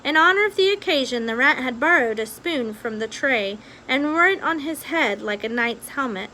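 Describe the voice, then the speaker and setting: Bright-voiced woman reading a children's book. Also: high voice, animated, moderate pace, slight background noise, low-quality recording. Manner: recaps casually, then reads with expression. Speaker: reader. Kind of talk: reading a children's novel aloud.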